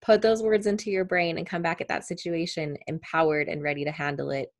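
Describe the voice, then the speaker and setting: A woman's voice: sits low, steady tone, a little fast. A woman hosting a podcast, chatting enthusiastically and affirming her guest. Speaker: podcast host. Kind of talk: podcast interview.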